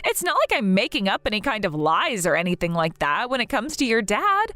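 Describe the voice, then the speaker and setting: A woman's voice: medium pitch, huge pitch swings, brisk, bright, forceful tone, dry recording, soft background music. A woman voicing a snobbish rich sister-in-law who mocks and gloats in a sneering tone, in a dramatized story.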